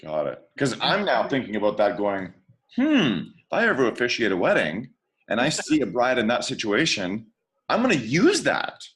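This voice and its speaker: A man co-hosting a casual podcast chat as a DJ, thinking aloud in an animated, reflective way. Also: on the low side, brisk. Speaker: DJ, podcast co-host.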